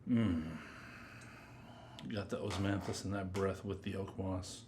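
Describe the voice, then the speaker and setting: A man giving a casual, rambling first-impressions review of perfumes, chatty and drifting into quiet mutters as he sniffs. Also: low voice, level tone, a little slow, noisy background. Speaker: fragrance reviewer.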